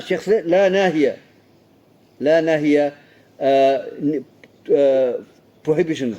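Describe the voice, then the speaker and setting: A man's voice: a little high, moderate pace, long pauses, dark tone, dull audio. A man teaching a religious lesson in English, explaining rulings step by step, slipping in Arabic terms and quoted recitations and checking in with "okay?". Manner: repeats himself and checks understanding with "okay?". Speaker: Islamic studies teacher. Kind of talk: classroom lesson explaining hadith.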